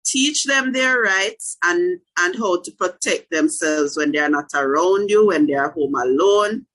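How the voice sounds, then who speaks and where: Woman counselor, lowish voice, earnest workshop host checking in with listeners, video call. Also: lively intonation, a little slow, a bit bright, poor audio. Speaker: counselor leading a parenting workshop. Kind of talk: online workshop talk.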